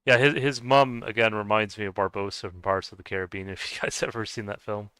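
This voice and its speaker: Male streamer, low, smooth and clear voice, dry close sound, rambling chatter full of stammered restarts. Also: steady tone, quick pace, sharp tone, dry recording. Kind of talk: casual chat with viewers while gaming.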